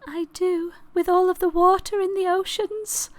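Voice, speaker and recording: A shy young bride with a tiny, squeaky voice, as a woman puts her on. She sounds giddy and breathless, and the close, dry sound leaves no room echo at all. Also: fairly even intonation, moderate pace. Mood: sweet.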